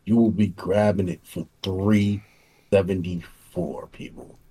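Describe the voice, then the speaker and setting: Man pitching game deals, husky mellow voice. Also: fairly even intonation, unhurried. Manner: enthusiastic deal pitching, repeats himself. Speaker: podcast co-host presenting game deals. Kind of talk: casual podcast chat. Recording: choppy online call audio.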